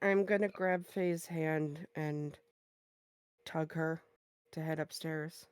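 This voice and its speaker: A woman's voice: low-pitched, fairly even intonation, slow, darkish tone, clean tone, dry recording, studio quality. A woman playing in a tabletop game who speaks in a matter-of-fact way. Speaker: player. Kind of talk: tabletop game play, casual.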